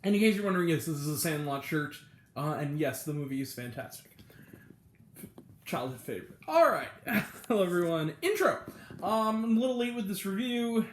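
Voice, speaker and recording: A man with a slightly raised pitch talks through a film review in a loose, casual way, stopping often for ums and restarting his sentences. His voice rings in an echoey room. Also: lively intonation, a little fast, slight background noise. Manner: rambling, full of ums and self-corrections. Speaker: movie review host.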